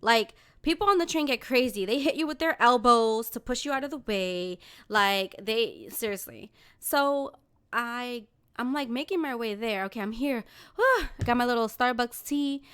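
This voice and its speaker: A woman co-hosting a casual chat podcast, from New York City. She tells stories in a profane, animated way and laughs often. Her voice sits a little high. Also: normal speed, clean tone. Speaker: podcast co-host.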